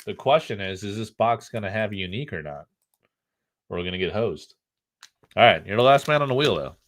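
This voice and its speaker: Animated, joking male stream host. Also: fairly low pitch, fairly quick. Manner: joking, rambling, reads chat aloud. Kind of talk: casual live stream chat.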